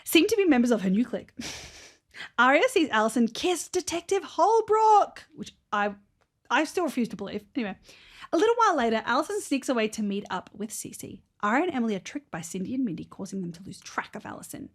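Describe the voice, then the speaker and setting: A young woman with a fairly high voice that moves a lot, co-hosting a podcast. She reads an episode recap in a playful way, laughs easily and drops into a whisper now and then. Her delivery is lively throughout. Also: brisk. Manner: playful, laughs often, slips into whispers while reading. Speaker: podcast co-host. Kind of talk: casual chat, reading an episode recap.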